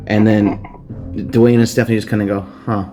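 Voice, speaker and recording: Casting note: low-voiced male podcast host, casual crude recap, rambling, faint music behind. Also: flat delivery, brisk, dark tone. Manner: crude, rambling, swears freely. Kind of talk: casual comedic book recap.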